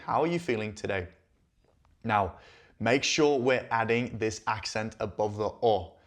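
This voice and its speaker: A man hosting a Spanish lesson, explaining each line and checking in with listeners often. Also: fairly low pitch. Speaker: Spanish teacher and channel host. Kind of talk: language lesson.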